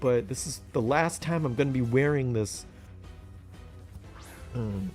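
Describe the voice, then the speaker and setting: A young man giving jokey commentary over a video game playthrough, talking to his characters with big swings in pitch. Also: unhurried, a little mellow, faint music behind. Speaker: gaming YouTuber.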